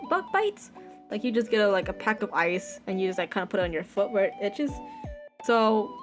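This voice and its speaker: A woman livestreaming from her computer chair, ranting in a dramatic, whiny way with exaggerated wails. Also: fairly high pitch. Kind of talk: live-stream rant. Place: home computer setup.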